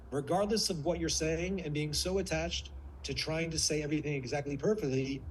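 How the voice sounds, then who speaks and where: A man's voice: on the high side, steady tone, a little fast, few pauses, a little hiss or hum, low-quality recording. A man teaching a live online workshop as a speaking coach, who shifts between vocal tones to show them and sometimes drops to a near whisper.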